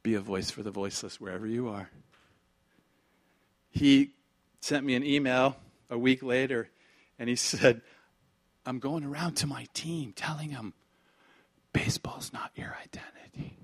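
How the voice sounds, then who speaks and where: A man's voice: medium pitch, normal speed, pauses often. A middle-aged man preaching a sermon as pastor, telling stories animatedly, acting out dialogue and dropping at times into whispers.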